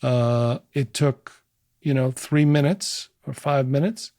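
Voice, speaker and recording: A man who teaches meditation, guiding listeners through a practice in soft, unhurried, searching phrases. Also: mid-range voice, no echo, studio quality. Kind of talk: guided meditation and explanation.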